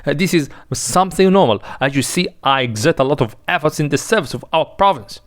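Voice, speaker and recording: A man's voice: on the high side, animated, a little fast, no echo, close to an everyday voice. A man reading the part of a sly, gossiping male charity commissioner in a dramatic reading of a play, in a confiding way.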